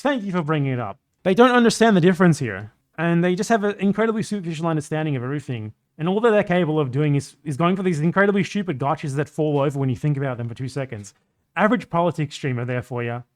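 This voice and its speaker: A young man doing live-stream commentary, combative and heavy on profanity. His voice sits a bit high for a man, and he jumps between quick outbursts and lower, muttered asides. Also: lively intonation. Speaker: political streamer.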